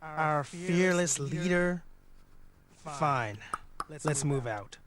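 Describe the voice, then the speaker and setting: A man's voice: fairly high pitch, extremely slow, noisy background. A man voicing a young, wisecracking male mechanic in a video game, full of sarcastic quips. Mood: brash.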